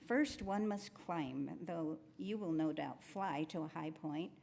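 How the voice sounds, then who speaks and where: A woman's voice: deep voice, takes it slowly, creaky, darkish tone, full character voice. A woman voicing an exceedingly polite male farm pig with a formal, courteous manner. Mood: courtly.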